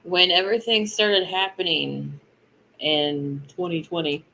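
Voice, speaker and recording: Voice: mid-range voice, steady tone, a little slow, vocal fry, sharp tone, a little hiss or hum, poor audio. A co-host in a casual live chat, chatty, often laughing and losing the thread mid-thought.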